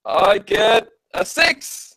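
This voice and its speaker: A male player in a tabletop game with a gravelly, bright voice that swings all over the place. He sounds keen and jokey, and the recording is dry and close. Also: high voice, big pitch swings, very slow, dry recording. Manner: eager, joking. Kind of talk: casual tabletop play.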